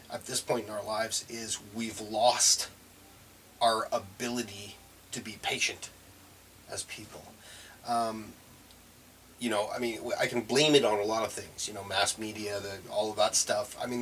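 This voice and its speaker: Rambling low-voiced man vlogging. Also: fairly bright tone. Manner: rambling, self-correcting, chuckles often. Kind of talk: casual reflective monologue. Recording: mic a bit far, faint room noise.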